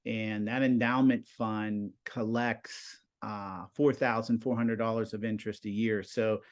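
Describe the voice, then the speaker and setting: A man in his forties, a high school TV production teacher, chatting in an interview and telling animated stories with lots of "you know" and "like". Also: measured pace. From Pennsylvania, US. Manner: animated storyteller, many fillers. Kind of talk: casual interview chat.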